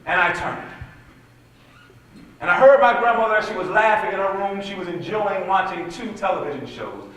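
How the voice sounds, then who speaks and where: A man with a fairly high voice tells an animated story as a keynote speaker, often turning to the audience directly. His voice rings with heavy hall echo and comes from some distance off the mic. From West Side Chicago. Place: large conference hall. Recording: echoey hall, voice from far off the mic.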